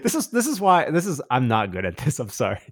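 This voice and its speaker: A man's voice: medium pitch, wildly swooping pitch, fast talker, noisy background. A man in casual chat, recommending a show with rambling enthusiasm, full of restarts and fillers.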